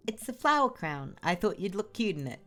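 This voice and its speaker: A woman voicing a cheeky, blunt young girl in a video game, high and playful. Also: very animated, fairly quick, fairly bright tone. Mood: teasing.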